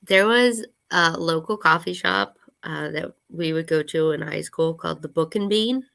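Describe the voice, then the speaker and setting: A young woman co-hosting a casual livestream chat, hoarse and scratchy from an illness, telling self-deprecating stories. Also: low-pitched, normal speed, fairly bright tone. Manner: chatty storyteller, self-deprecating. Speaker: co-host.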